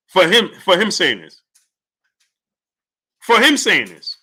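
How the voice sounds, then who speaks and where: A man hosting a casual live stream, talking in an animated way and greeting viewers by name. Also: high-pitched, normal speed.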